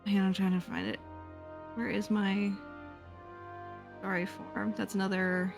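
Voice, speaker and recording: A woman's voice: medium pitch, little pitch movement, a little slow, gravelly, music in the background. A woman playing a tabletop game who thinks aloud while she counts dice. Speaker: player. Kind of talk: casual tabletop game play.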